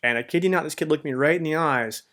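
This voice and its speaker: A man's voice: a little high, fast talker, pushed and bright. A man hosting a podcast, telling his personal faith testimony in a rambling, heartfelt way full of "man" and "you know". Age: adult with a marriage behind him. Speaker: podcast host.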